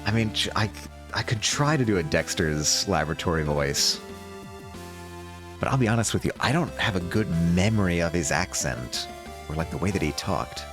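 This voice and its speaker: A man's voice: low voice, animated, moderate pace. A man streaming a video game live, chatting with his audience in a self-deprecating way that often breaks into laughter. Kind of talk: live gameplay narration and chat. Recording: game music underneath.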